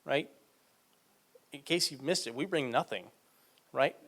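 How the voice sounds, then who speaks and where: A man preaching a sermon, reading scripture aloud and explaining it in a conversational way, slowing down and getting louder for emphasis. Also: fairly high pitch.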